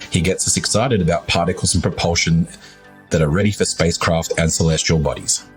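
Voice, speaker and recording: A man's voice: low voice, fairly even intonation, a little fast. A man reading a scripted podcast introduction in an upbeat, announcer-like way. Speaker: podcast host. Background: music.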